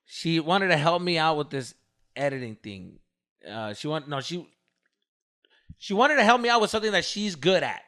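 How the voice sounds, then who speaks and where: Young man, podcast co-host, high bright voice, animated ranting delivery. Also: moderate pace, long pauses. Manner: animated ranting, acts out both sides of an argument. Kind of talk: casual chat.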